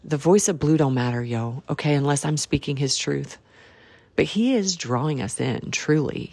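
A woman's voice: fairly low pitch, a little mellow. A woman hosting a casual devotional podcast, rambling and earnest with folksy slang. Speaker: podcast host.

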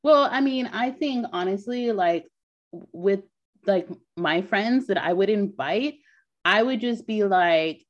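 A woman's voice: medium pitch, expressive, slow. Chatty woman podcaster, dull lo-fi sound. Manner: chatty, laughs often, many "like" fillers. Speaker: podcast co-host. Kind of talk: casual chat.

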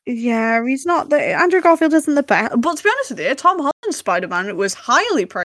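A woman's voice: sits high, sing-song, a little fast, fairly bright tone, no echo. A young woman, co-hosting a casual podcast chat, laughing often and talking with lots of fillers. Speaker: podcast co-host.

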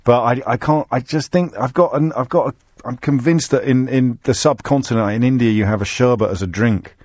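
A man hosting a radio phone-in, chatting with callers in a quick-witted, teasing way and often restarting his sentences. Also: medium pitch, a little mellow, no room sound, studio quality. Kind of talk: casual radio phone-in chat. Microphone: studio microphone.

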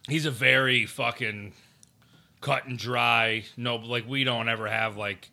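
A man's voice: mid-range voice, fairly even intonation, unhurried, gravelly, pushed and bright. A middle-aged man co-hosting a podcast, telling stories in loose, profane casual chat full of "like" and "you know". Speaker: podcast co-host.

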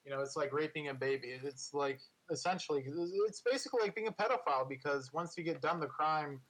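A man's voice: fairly high pitch, fast talker, fairly bright tone, poor audio. A man co-hosting a podcast in casual political chat, rambling and full of filler words.

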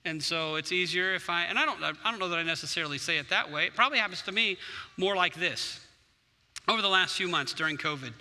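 A man's voice: high voice, pushed and bright. A man preaching a sermon as pastor, earnest and conversational, acting out his own prayers. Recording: long hall reverb.

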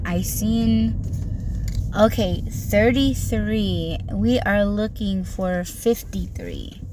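Slow-talking, fed-up woman gig driver mutters and swears in her car; loud car noise behind her. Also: medium pitch. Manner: frustrated, profane, muttering to herself. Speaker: delivery driver and podcast host. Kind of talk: candid venting recorded on the job. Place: in and around a car while making deliveries.

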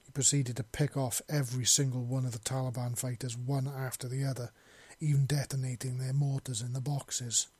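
Male narrator, warm dark tone, dry close sound, reads fiction and acts out the lines. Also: medium pitch, level tone, fairly quick, few pauses, husky, no echo. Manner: acts out dialogue, shouting in grief scenes. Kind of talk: dramatic story reading.

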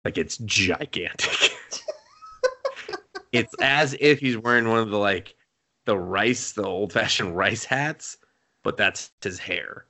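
Bright-voiced young man, animated and profane. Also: on the low side, slow. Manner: animated, profane, acts out characters' lines. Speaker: podcast co-host. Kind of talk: casual anime recap chat.

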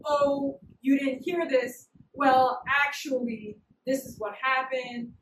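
A man's voice: extremely high pitch, fairly even intonation, slow pace, a bit bright, exaggerated voice. A woman voicing a blunt commander of a king's guard who speaks matter-of-factly in slang. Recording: roomy, distant, noisy hall.

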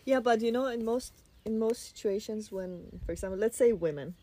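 A woman with a dark, mellow tone and a husky edge to her voice. She steers a casual chat as the interviewer and keeps asking for examples. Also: on the high side, fairly quick. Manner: curious, prompting questions.

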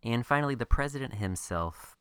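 A man's voice: mid-range voice, animated, brisk, a bit bright, smooth, dry recording, studio quality. A man co-hosting a podcast, chatting wryly and casually about a TV episode. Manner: chatty and wry. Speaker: podcast co-host. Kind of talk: casual TV recap chat.

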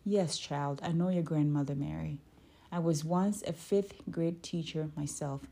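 A woman reading aloud, voicing a gentle older shopkeeper who was once a teacher. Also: sits low, steady tone, a little slow, creaky, exaggerated voice.

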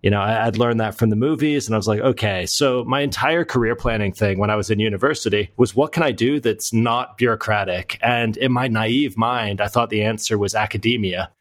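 A man's voice: fairly low pitch, brisk, few pauses, no room sound. A middle-aged American man from Florida, a guest talking casually and self-deprecatingly in an interview, often restarting his sentences. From United States (Florida). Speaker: guest, author and entrepreneur.

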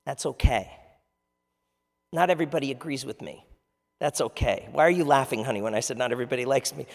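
A man's voice: medium pitch, expressive, a little fast, gravelly. A man preaching a conversational sermon as pastor, asking the audience questions. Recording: long reverb of a large hall.

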